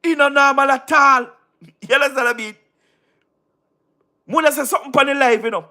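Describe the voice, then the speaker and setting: A man from Jamaica with a Jamaican Patois accent, livestreaming casually, giving shout-outs to viewers and repeating himself emphatically. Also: very high-pitched, a little fast. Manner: repetitive, keeps asking "you understand what I mean", emphatic. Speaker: YouTube live streamer.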